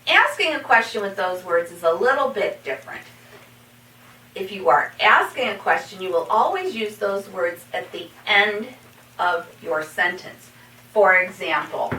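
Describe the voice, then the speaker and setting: A woman teaching a basic English lesson, spelling out example sentences slowly word by word and checking in with "okay?". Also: mid-range voice, sharp tone. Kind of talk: slow classroom explanation. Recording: roomy echo, from a distance, faint hiss.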